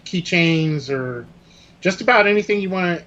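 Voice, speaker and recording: A man's voice: high-pitched, expressive, moderate pace, fairly bright tone, highs cut off. A man co-hosting a live stream podcast, laid-back, plugging a sponsor loosely. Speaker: podcast co-host. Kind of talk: casual chat.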